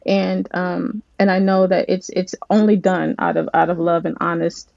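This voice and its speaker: A woman's voice: fairly low pitch, normal speed, gravelly, no room sound, lo-fi sound. A woman who writes screenplays and supervises scripts tells stories animatedly in a casual interview, often restarting her sentences. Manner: animated storytelling, many restarts.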